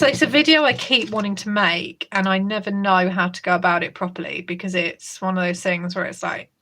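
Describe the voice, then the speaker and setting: A woman's voice: medium pitch, fairly bright tone. A woman in her thirties chats to viewers in a loose, rambling livestream style. She is a teacher with a sarcastic streak who keeps breaking into laughter mid-story. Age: 30s. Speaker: schoolteacher. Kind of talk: casual livestream chat.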